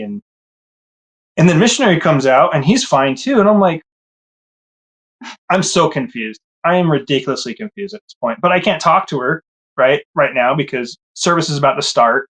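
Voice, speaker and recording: Man, casual storyteller, slightly high voice, animated and expressive when voicing his own past thoughts. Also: moderate pace. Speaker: guest telling his story.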